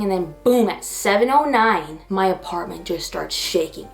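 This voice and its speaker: Woman in her twenties, vlogger telling a story, animated and chatty. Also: on the low side, a little fast, vocal fry, hardly any pauses, soft background music. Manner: animated storytelling with laughs and acted-out quotes. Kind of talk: storytime vlog.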